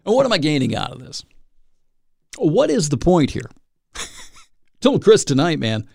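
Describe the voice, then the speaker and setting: A man's voice: on the high side, huge pitch swings, measured pace, creaky, dark tone, husky, dry recording, clean studio sound. A man hosting a solo podcast, rambling and self-mocking with dramatic asides. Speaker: podcast host.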